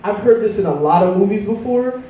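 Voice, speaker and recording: A young man doing stand-up comedy, rambling through a self-mocking story with a high, animated voice that swings around. He sounds mellow in tone, and he is picked up from a distance in a very echoey room. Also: a little fast, lo-fi sound, slight background noise.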